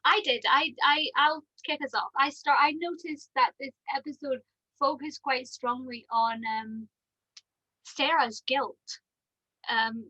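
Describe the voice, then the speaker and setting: A woman's voice: fairly high pitch, bright, forceful tone, no room sound, muffled recording. A woman co-hosting a casual fan podcast, chatty and giggly, with lots of ums. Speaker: podcast co-host.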